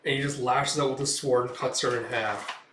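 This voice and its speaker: A man's voice: medium pitch, fairly even intonation, moderate pace, a bit bright, recorded from a distance, slight background noise. A man hosting a casual comic read-through, retelling scenes loosely with many fillers, recorded in an echoey room away from the mic. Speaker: comic reviewer.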